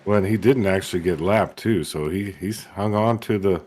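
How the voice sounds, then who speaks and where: A man with a low voice doing color commentary on a sim race. He jokes and banters easily with the other callers. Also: normal speed, a little mellow. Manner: joking, easygoing banter.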